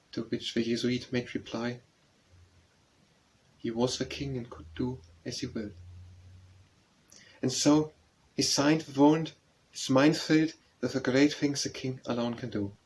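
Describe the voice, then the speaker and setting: Male audiobook narrator, mid-pitched, solemn verse reading. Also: a little mellow, poor audio. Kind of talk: reading a narrative poem aloud.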